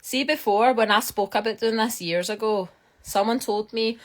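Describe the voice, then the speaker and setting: A woman's voice: medium pitch, brisk. A young Scottish woman chatting casually and enthusiastically on a phone live stream, filling her talk with "like". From Scotland. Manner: chatty and enthusiastic, many fillers. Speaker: geologist hosting a live stream.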